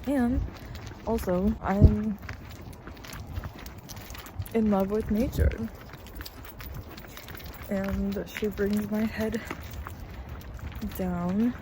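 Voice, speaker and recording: A young woman talking casually in a vlog, soft and half-whispered at times, then gushing and emotional. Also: medium pitch, fairly even intonation, very slow, pauses often, background noise. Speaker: vlogger. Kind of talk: casual vlog talk to camera. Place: outdoors on a winter hike.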